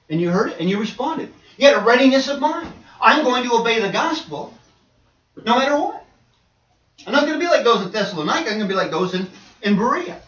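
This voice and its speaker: A middle-aged man preaching in a high, lively voice that leaps from hushed asides to loud, emphatic points. He sounds distant from the mic, in a roomy church hall, and the recording is dull with a faint hiss. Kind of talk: sermon.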